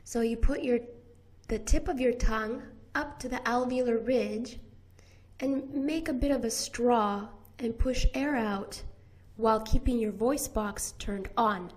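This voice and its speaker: A woman with a General American accent teaching pronunciation, repeating each sound slowly and deliberately. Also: on the high side. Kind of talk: slow, careful pronunciation lesson.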